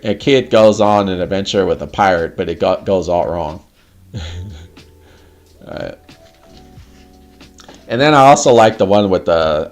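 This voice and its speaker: A man hosting a casual livestream chat, animated, laughing often and swearing casually. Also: fairly low pitch, creaky. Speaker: livestream host.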